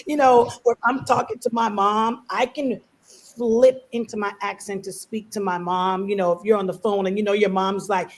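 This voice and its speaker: A woman's voice: mid-range voice, moderate pace, a little hiss or hum, low-quality recording. Chatty woman, Belizean-American panelist. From United States, Belizean family. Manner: chatty, animated storytelling with many fillers. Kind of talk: casual panel discussion.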